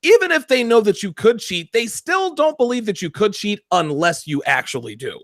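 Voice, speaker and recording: Animated, expressive man telling stories. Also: sits high, normal speed, dry recording, studio quality. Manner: animated, profane storytelling. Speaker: podcast host. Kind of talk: casual podcast conversation.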